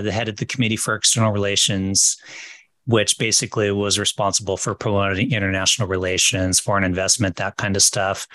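On a casual history podcast, a co-host with a lowish, fairly bright voice explains events at a steady pace, recorded without echo. Every so often he corrects himself.

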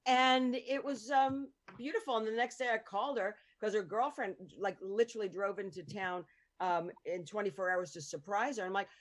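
A woman's voice: medium pitch, fairly even intonation, normal speed. A woman hosting a casual chat, bubbly and loose, now and then swearing. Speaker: host.

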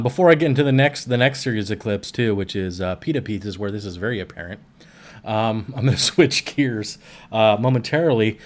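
A man hosting a podcast, introducing a segment in a laid-back, rambling way with many fillers. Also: mid-range voice. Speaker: podcast host. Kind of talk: casual chat.

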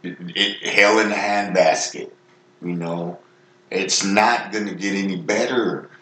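A man's voice: low voice, fairly even intonation, unhurried, sharp tone, roomy sound. A man preaching an informal sermon in a folksy, earnest, conversational way.

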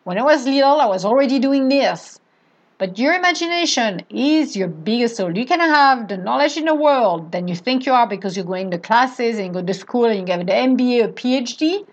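A woman's voice: fairly high pitch, animated, fairly quick. A woman giving a motivational talk, emphatic and repeating affirmations. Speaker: motivational speaker.

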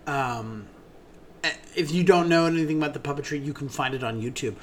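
A man's voice: fairly high pitch, a little fast, a little hiss or hum. A man co-hosting a theater podcast, gushing enthusiastically about shows in casual chat, with many ums.

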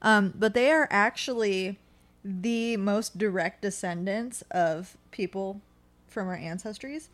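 A woman's voice: medium pitch, slow. A young woman co-hosting a podcast in casual chat, blunt and sarcastic, swearing freely. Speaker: podcast co-host.

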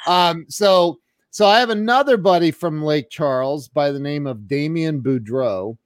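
Man, talk show host, slightly high voice, dry close sound, joking, chatty. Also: normal speed, clear, resonant tone, no echo. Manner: jokey, chatty, greets viewers by name. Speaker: podcast host. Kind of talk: casual live-stream interview.

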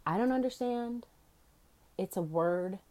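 A woman's voice: medium pitch, measured pace. A young woman hosting her own podcast, ranting brashly and swearing freely as she tells stories. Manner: brash, profane, animated storytelling. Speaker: podcast host. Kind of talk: solo podcast rant.

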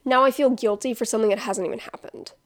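A young woman co-hosting a podcast chats casually, speaking fast in a voice on the high side. She tells a story animatedly, loudly acting out quotes, with many fillers and plenty of swearing.

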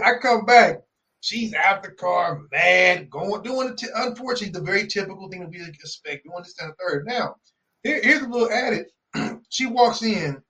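A man co-hosting a podcast, telling a story in a casual, profane, animated way and acting out the people in it. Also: high-pitched, poor audio. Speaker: podcast co-host. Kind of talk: casual chat, storytelling rant.

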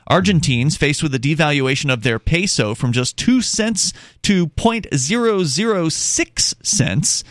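A man co-hosts a podcast talk show in casual chat, explaining things step by step and reading news passages aloud with small restarts. His fairly high voice has lively intonation, and he's unhurried yet hardly pauses. The studio-quality sound has no echo.

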